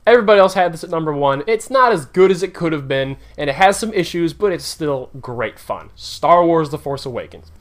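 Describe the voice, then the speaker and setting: A high-pitched man reviewing films in a loose, blunt and opinionated way. He rants freely, and his voice shoots up when something annoys or thrills him. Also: fairly quick, hardly any pauses. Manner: animated, swings up and down in pitch when worked up. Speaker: movie reviewer. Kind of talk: casual opinionated movie countdown.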